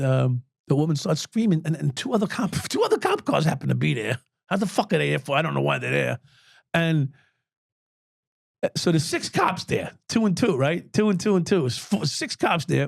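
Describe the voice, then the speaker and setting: A man, telling profane, animated stories as an interview guest and at times breaking into shouts. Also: fairly high pitch, gravelly, no room sound, studio quality. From United States. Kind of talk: storytelling interview.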